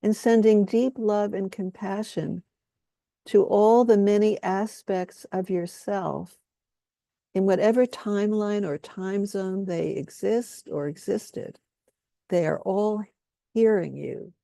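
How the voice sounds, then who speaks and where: A woman leading a guided healing workshop, speaking softly and soothingly as she has the group repeat statements after her. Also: medium pitch, slow, creaky, dry recording, clean studio sound. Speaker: workshop leader.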